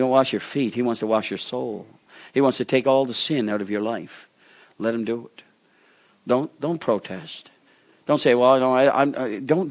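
In a mid-range voice, a male preacher gives a sermon, acting out the biblical figures he quotes. He climbs to loud, high exhortation, then drops into slow, hushed pleading.

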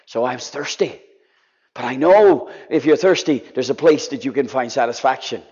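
A man preaching a sermon with passion, sometimes sinking to a soft, pleading voice. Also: medium pitch, normal speed, breathy edge. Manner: impassioned, drops to soft pleading. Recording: dull lo-fi sound.

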